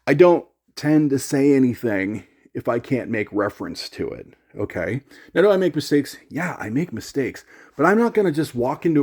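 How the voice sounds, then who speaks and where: Man, casual vlog rant, sarcastic, rambling, restarts sentences, average pitch. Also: darkish tone. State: one-handed while handling gear. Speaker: gear vlogger.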